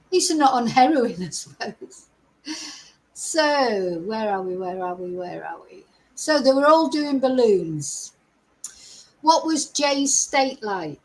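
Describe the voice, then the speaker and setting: A woman's voice: on the high side, rough recording. An older woman hosting a true crime live stream, talking in a chatty, exasperated and rambling way with frequent asides. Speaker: true crime channel host. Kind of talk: casual live-stream commentary.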